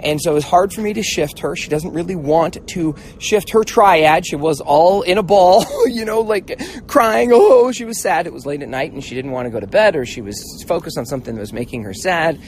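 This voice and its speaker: Animated man telling a motivational story. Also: on the high side, normal speed, a little hiss or hum. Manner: animated storytelling, acting out voices; casual, swears now and then. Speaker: host, mentor. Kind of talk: motivational talk.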